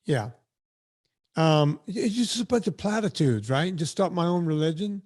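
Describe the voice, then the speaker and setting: A middle-aged man co-hosting a podcast in casual chat, animated and jokey. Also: normal speed. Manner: animated, jokey, slips into a booming mock preacher voice. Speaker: podcast co-host.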